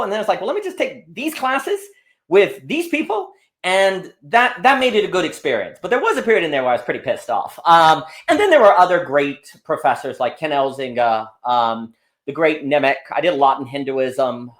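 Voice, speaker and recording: A man talking as a guest in a casual conversation, telling rambling stories full of restarts and asides. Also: fairly high pitch. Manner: animated, rambling storytelling with frequent restarts. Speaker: podcast guest.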